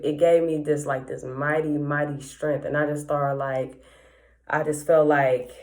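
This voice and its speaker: Low-voiced woman sharing a painful story. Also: a little mellow. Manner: candid, emotional, slangy, many fillers. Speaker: podcast host. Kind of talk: casual personal storytelling.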